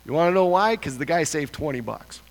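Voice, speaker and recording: Man, church speaker, lively storytelling, fairly high voice, long hall reverb. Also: fairly quick. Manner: lively, self-mocking, swings high when excited. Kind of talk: animated storytelling talk.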